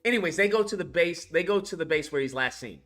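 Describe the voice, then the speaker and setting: A man reviewing a film in a casual rant, animated and profane, laughing as he recaps scenes. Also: on the high side, fast.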